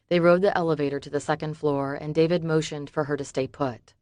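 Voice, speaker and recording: A woman narrating an audiobook in an even, measured reading. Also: sits low, no echo. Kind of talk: scripted narration.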